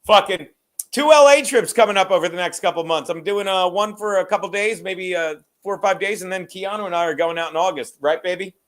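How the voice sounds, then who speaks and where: A man's voice: high voice, a little fast, a bit bright. A man co-hosting a podcast in casual chat, profane, rambling and self-mocking. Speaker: podcast co-host.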